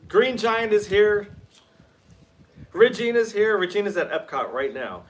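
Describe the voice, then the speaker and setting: A man's voice: high voice, sing-song, slow pace. A man hosting a casual livestream from a garage, greeting viewers by name in an upbeat way. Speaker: livestream host.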